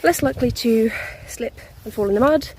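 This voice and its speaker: A woman's voice: fairly high pitch, fairly quick, a little mellow, slight background noise. Breathless young woman vlogging outdoors. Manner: chatty, laughs often, talks to her dog. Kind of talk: casual vlog chat while walking. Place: muddy forest outdoors.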